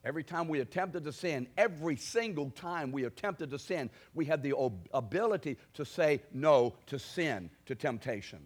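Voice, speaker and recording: A man preaching a sermon, asking his congregation direct questions and building to forceful declarations. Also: a little high, lively intonation, moderate pace, hardly any pauses. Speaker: pastor.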